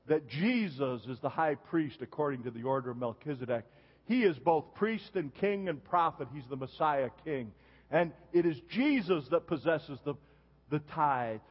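A man's voice: on the high side, slightly rough. A man in his seventies preaching a sermon as pastor, telling stories and punctuating them with a questioning "huh?". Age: 70s. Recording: dull long reverb of a church hall.

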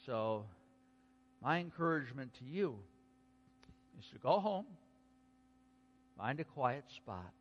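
A man preaching a sermon, slow and emphatic, dropping to a hush and then rising to exclaim. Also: mid-range voice, expressive, highs cut off. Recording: long hall reverb.

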